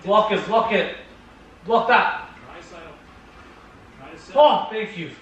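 A man reacting live to a hockey game, shouting, cheering and swearing. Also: sits high, animated, drawn-out words, echoey room, lo-fi sound.

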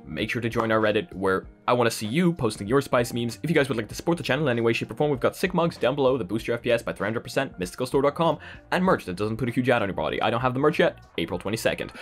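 A man from Poland with an Irish accent, hosting a tech vlog in an enthusiastic, playful way and talking straight to his viewers. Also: medium pitch. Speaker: tech channel host.

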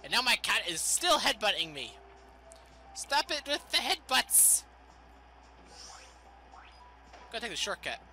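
Man, let's play host: very high, bright voice, lively swings, goofy and excitable, faint game music underneath. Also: normal speed. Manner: excitable, goofy, exclaims loudly. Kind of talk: gameplay commentary.

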